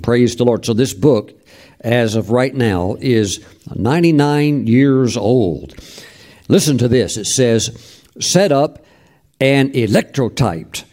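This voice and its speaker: A man's voice: mid-range voice, mellow. A male pastor teaching from scripture in a conversational, emphatic sermon style.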